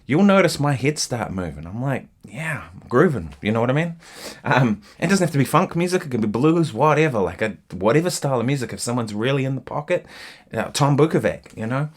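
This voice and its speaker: A man giving a casual guitar lesson, chatting in a relaxed, rambling way with lots of fillers and asides, guitar in hand. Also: medium pitch. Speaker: guitar teacher. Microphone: single mic, holding guitar while talking.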